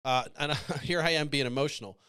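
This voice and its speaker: Man, slightly high voice, passionate, profane, casual podcast commentary. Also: fairly quick, pushed and bright, clean tone. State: choked up. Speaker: podcast host.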